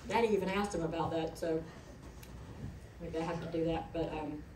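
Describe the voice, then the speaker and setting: A woman's voice: low-pitched, steady tone, moderate pace, background noise. A middle-aged woman, giving a eulogy in a chatty, folksy storytelling way. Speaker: eulogist, daughter of the deceased. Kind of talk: eulogy told as personal stories. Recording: echoey hall, voice from far off.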